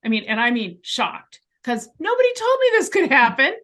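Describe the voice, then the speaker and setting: Higher-voiced woman telling a story. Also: normal speed. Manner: animated storyteller, emphatic asides. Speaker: interview guest, clairvoyant. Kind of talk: storytelling in a conversation. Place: bedroom at home.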